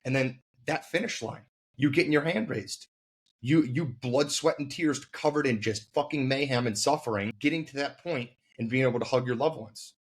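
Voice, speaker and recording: Husky-voiced man hosting a podcast. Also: mid-range voice, normal speed. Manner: earnest, searching for words, swears casually. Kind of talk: casual podcast chat.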